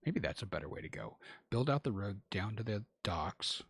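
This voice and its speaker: Gravelly man muttering over gameplay. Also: lowish voice, sing-song, moderate pace, no room sound. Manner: quiet muttering to himself while building. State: losing his voice. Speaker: streamer. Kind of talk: casual gameplay commentary.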